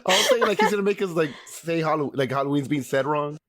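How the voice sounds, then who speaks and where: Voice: medium pitch, quick pace. A podcast co-host in casual chat, joking and swearing freely.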